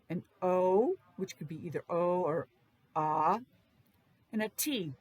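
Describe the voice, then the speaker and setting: A woman teacher with a Rhode Island accent reading a picture book aloud to young children, sounding out letters slowly and repeating words in a sing-song way. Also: fairly low pitch, animated.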